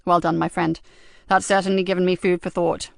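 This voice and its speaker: A woman's voice: on the low side, little pitch movement, fairly quick, gravelly, no echo, studio quality. A woman reading a terse police sergeant. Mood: warm. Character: tense middle-aged male police sergeant.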